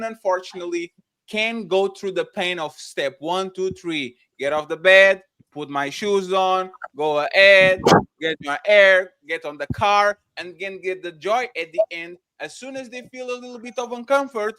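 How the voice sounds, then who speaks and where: A man's voice: sits high, moderate pace, pushed and bright, smooth, dry recording. A man moderating a panel discussion, talking animatedly and steering who speaks next.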